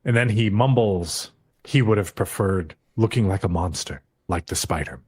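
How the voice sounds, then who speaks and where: A man co-hosting a podcast, casually recapping an episode, acting out lines in quick mock voices and swearing freely. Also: sits low, darkish tone, slightly rough. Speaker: podcast co-host.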